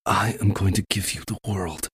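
A loving young man in a storybook romance, low-voiced and reassuring, as a man reads him. His tone is quiet and husky, close to the narrator's own. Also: steady tone, normal speed.

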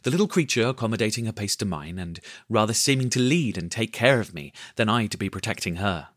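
Brief: male storybook narrator, animated pitch, dry close sound. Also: fast talker, dry recording.

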